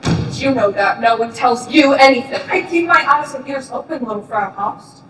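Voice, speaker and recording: A woman performing in a recorded stage play, talking in a sarcastic, mocking way that sometimes flares into shouting. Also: high voice, normal speed, a little hiss or hum. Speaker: stage actor playing a camp prisoner. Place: theatre stage. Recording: roomy distant stage recording.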